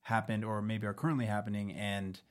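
A man who is an actor, a guest on a TV after-show, talking in a relaxed, halting way. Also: fairly low pitch. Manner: relaxed, hesitant, restarts often. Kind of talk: casual interview chat.

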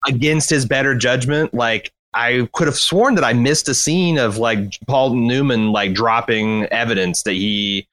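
A man's voice: mid-range voice, unhurried, hardly any pauses, no echo. A man in casual podcast chat about a movie, rambling and correcting himself as he talks. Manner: rambling, self-correcting, animated. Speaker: podcast co-host. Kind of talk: casual film discussion.

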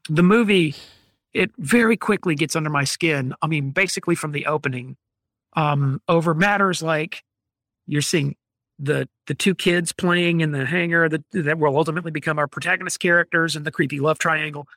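A man's voice: a little high, moderate pace, a bit bright, no room sound, clean studio sound. A man, ranting in an opinionated, exasperated way during a casual podcast chat. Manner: opinionated, exasperated, rambling critique.

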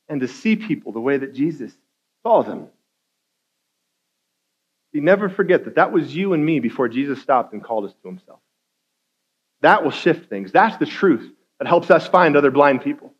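A man giving a guest sermon in a casual, conversational way, acting out quotes and rising to loud intensity. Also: a little high, animated, normal speed, pauses often, breathy edge, highs cut off. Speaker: guest speaker.

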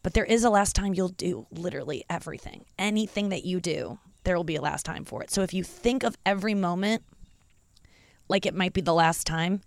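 A medium-pitched voice on a dry recording belongs to a podcast host in their thirties from the St. Louis area. The casual solo monologue is candid, confessional, and rambling, packed with fillers.

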